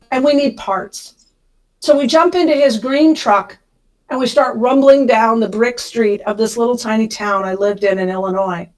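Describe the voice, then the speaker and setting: Podcast guest, woman, middle-aged, slightly high pitch, emotional storyteller. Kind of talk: storytelling interview.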